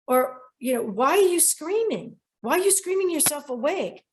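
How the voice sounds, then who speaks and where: A middle-aged woman hosting a show about dreams, telling a client's story in a lively way and quoting people directly. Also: sits high, normal speed, slight background noise. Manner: animated storyteller who quotes people directly. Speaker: radio show host and dream interpreter. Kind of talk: storytelling monologue.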